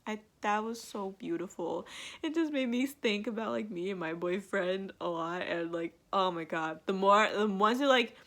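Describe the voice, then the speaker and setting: A woman's voice: mid-range voice, normal speed, a bit bright. Young woman, gushing, filler-heavy, teary, close to crying, casual home reaction vlog. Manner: gushing, filler-heavy, emotional, breaks into laughs. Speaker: vlogger reacting to an album.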